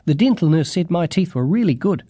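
Chill unbothered kid in a storybook, read by a kiwi guy, lively mellow voice. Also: fairly high pitch, fairly quick, dry recording, clean studio sound. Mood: relaxed. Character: young boy, easygoing and unbothered.

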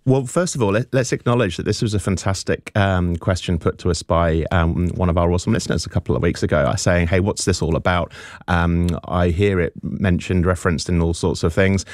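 A man's voice: low voice, steady tone, a little fast, no room sound. A man, a linguist guest on radio, explaining in a friendly way with many ums. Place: radio studio. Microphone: studio microphone.

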